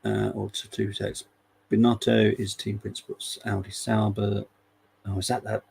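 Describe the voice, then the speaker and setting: Gravelly, husky man. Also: on the low side, level tone, moderate pace, darkish tone, poor audio. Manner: casual, wry, laughs often. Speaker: fan channel host. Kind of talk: live football watchalong commentary.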